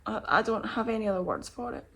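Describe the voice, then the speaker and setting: A woman's voice: mid-range voice, animated, fast talker, vocal fry, a little hiss or hum. Drained woman vlogging candidly. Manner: candid, rambling, emotional. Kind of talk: confessional vlog chat.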